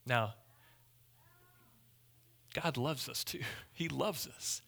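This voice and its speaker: A man preaching a sermon as pastor, emphatic and repetitive, dropping to hushed lines and then rising loud. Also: mid-range voice, drawn-out words, creaky.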